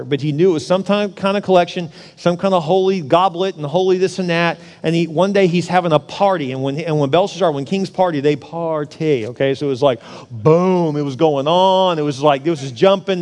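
A male pastor preaching a sermon in a church sanctuary, animated, acting out scenes and dropping to a hushed intensity. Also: on the high side, brisk. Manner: animated preacher, acts out a partying king. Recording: long church hall reverb.

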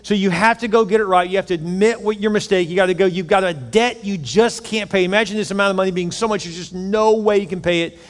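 A man's voice: high voice, fast talker, hardly any pauses. A middle-aged man preaching a sermon as pastor, conversational, acting out little scenes with quoted voices. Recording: reverberant hall.

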